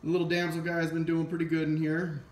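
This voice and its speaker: A man's voice: on the high side, fast, echoey room. Rambling man filming a home tour. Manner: relaxed, rambling, filler-heavy. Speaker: aquarium hobbyist vlogger. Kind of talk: casual unedited walkthrough vlog. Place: home, walking from living room to garage.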